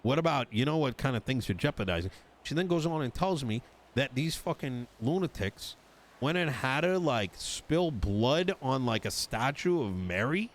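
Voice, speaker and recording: In an in-character roleplay chat, a man playing a politician rants with exasperation and profanity, replaying an argument through quoted dialogue. He speaks at a moderate pace with a medium pitch and lively intonation.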